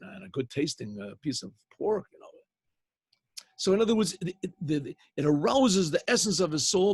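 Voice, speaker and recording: A man's voice: high voice, creaky, slightly rough, dry recording. An older man, a rabbi, teaching a casual class, telling a story with quoted voices and mixing in Hebrew terms. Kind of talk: casual spoken Torah class. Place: online class over a video call.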